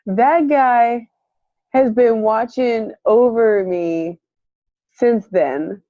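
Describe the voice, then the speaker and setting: A woman's voice: a little high, very slow, long pauses, dry recording. A woman telling a story in casual chat, laughing often and acting out the quotes of the people in it. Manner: animated, laughing, acts out quotes. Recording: muffled lo-fi, dry.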